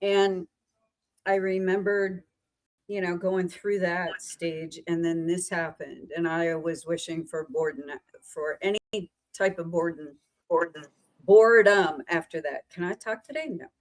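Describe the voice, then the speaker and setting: A woman podcast host from central Pennsylvania, telling a story in a chatty, meandering, animated way over a remote call. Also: on the low side, unhurried, poor audio. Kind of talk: casual storytelling chat.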